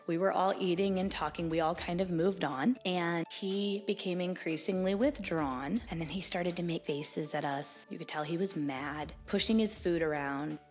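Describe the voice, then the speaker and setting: A woman's voice: on the low side, normal speed, hardly any pauses, darkish tone, faint music behind. A woman in her thirties, a psychologist and parenting coach, telling a family story and acting out the voices in a casual talk to camera.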